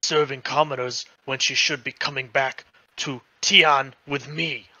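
A man's voice: mid-range voice, fairly even intonation, a little slow, sharp tone. A man playing a middle-aged, overbearing wealthy father who talks down to people in a scornful, lecturing way. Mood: dismissive.

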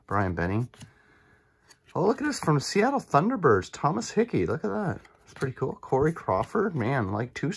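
A man chatting excitedly as he opens cheap card packs and reacts to each card on his channel. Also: medium pitch, moderate pace, vocal fry, husky. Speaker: card collecting channel host. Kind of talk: casual pack-opening commentary.

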